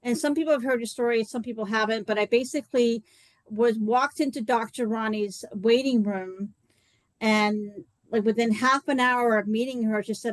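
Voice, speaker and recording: A woman talks in a chatty, rambling way and fills her story with "like" and "you know." Her voice sits a little high and sounds dry and close, with almost no room around it. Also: moderate pace, no echo, poor audio. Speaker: co-host presenting a detox program. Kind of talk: live online talk, personal story.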